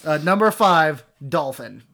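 High gravelly laughing man. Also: lively intonation, unhurried, bright, forceful tone. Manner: laughs often, reads out game prompts. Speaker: co-host running an impressions game. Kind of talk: casual comedic banter.

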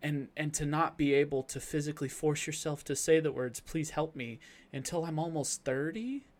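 A man's voice: on the high side, normal speed. A man in his thirties talking candidly and reflectively as a podcast guest. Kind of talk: candid casual conversation.

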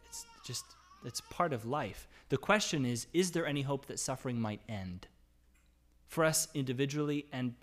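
Man preaching a conversational sermon. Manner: reads scripture aloud and rises in pitch and volume when voicing anguished cries; conversational preaching with frequent "right?" and restarts. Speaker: pastor.

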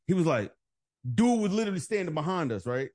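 A man hosting a podcast, telling a bar story in casual, profane, animated chat and acting out the voices of the people in it. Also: high-pitched, quick pace. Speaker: podcast host.

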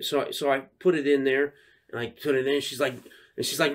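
A man in his thirties, a podcast co-host, telling an animated, swear-filled story in casual chat and acting out the quotes. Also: mid-range voice, fast.

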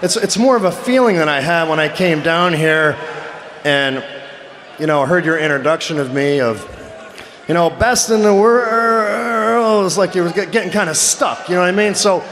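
A man's voice: high-pitched, expressive, normal speed. A man cutting a wrestling promo in a large arena, bossy and mocking, often cutting the other person off. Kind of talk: live in-ring wrestling promo. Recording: echoey arena with loud crowd. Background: live crowd noise.

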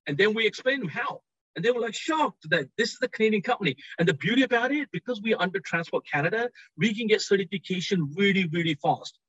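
A man with a British accent, a company executive pitching enthusiastically in an interview over a video call from a trade show floor. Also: expressive, a bit bright, dry recording, muffled recording. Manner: enthusiastic, rapid sales pitch.

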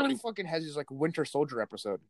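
A young man co-hosting a podcast tells blunt, profanity-filled stories in casual chat. His voice is a little high, creaky, and fairly bright, with huge pitch swings, at a normal speed. The recording is dry.

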